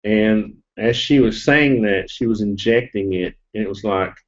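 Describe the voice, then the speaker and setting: A man's voice: lowish voice, moderate pace. A middle-aged man, sniffling as he tells a rambling, jokey story to a live stream audience. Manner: rambling and jokey, with fillers and laughs. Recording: dull lo-fi webcam audio.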